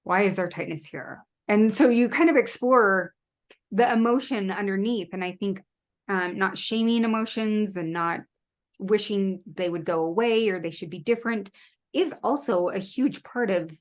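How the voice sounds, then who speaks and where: A woman who is a guest on a podcast, speaking reflectively in casual conversation, pausing to think with "um". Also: medium pitch. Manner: reflective, thoughtful, with fillers. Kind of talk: casual interview chat.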